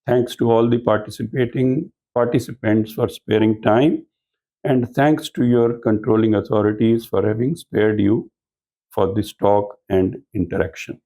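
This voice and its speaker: Gravelly-voiced man lecturing on negotiation. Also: on the low side, fairly even intonation, measured pace, dark tone, low-quality recording. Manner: explanatory, asks the audience rhetorical questions. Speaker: speaker at a corporate training talk. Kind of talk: lecture to business professionals.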